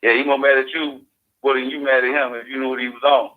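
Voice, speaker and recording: A man's voice: mid-range voice, little pitch movement, fast talker. Profane man talking loosely on phone-quality radio. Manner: loose, profane street talk. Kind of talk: casual radio talk. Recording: phone-like lo-fi audio.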